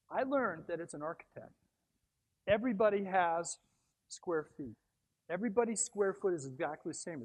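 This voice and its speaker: Man, middle-aged, keynote speaker, high voice, lively storytelling, audience participation. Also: low-quality recording. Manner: animated storytelling, acts out quotes, engages audience. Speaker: guest speaker. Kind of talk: motivational keynote speech. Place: brewhouse event space.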